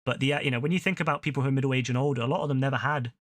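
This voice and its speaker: A man's voice: mid-range voice, racing, no room sound. A young British man from England, ranting and swearing in casual chat while streaming a game. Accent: British English. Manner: ranting, swears often, laughs loudly.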